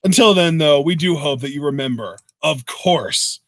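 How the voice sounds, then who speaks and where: A man's voice: fairly high pitch, animated, moderate pace, a bit bright, no room sound. A young man co-hosting a casual podcast, easygoing and teasing. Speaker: co-host.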